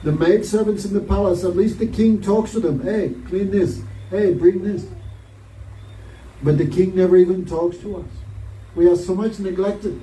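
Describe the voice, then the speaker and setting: High-voiced man telling a devotional story. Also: fairly even intonation, a little fast, dark tone. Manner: storytelling with frequent rhetorical questions. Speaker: spiritual teacher. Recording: roomy, distant mic, faint noise.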